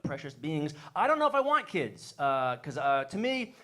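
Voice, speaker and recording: A man's voice: on the high side, very animated, moderate pace. Rambling self-mocking stand-up comic man. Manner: rambling, self-deprecating, shouts character voices. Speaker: stand-up comedian. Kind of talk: stand-up comedy set. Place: comedy club stage.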